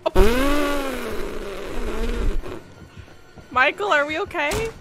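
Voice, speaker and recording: A woman streaming a game live, commenting in an excitable, profane way and shouting at the game. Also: high-pitched, drawn-out words, noisy background.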